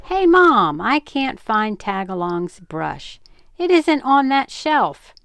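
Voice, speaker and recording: A woman voicing an eager, excitable young boy who is full of excuses, read aloud from a storybook. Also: mid-range voice, unhurried, vocal fry, no room sound. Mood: whiny. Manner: protesting, excuse-making.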